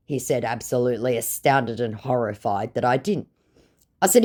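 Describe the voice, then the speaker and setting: A woman's voice: very deep voice, lively intonation, moderate pace, dark tone. A woman narrating her chats with a scammer in a dry, mocking, contrary way. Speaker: scam baiter narrating chats. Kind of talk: sardonic comedic narration.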